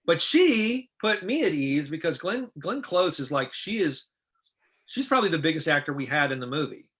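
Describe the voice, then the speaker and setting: A middle-aged man, a film director, telling casual stories in an interview and acting out what others said in lively voices. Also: a little high, moderate pace, slightly rough. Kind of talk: casual anecdotal storytelling.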